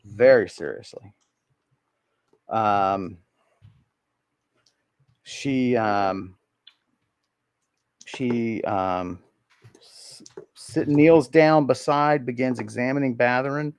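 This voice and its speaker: A man's voice: medium pitch, extremely slow, pauses often, clean tone. A man narrating a tabletop role-playing game as game master, hesitant and full of ums and restarts.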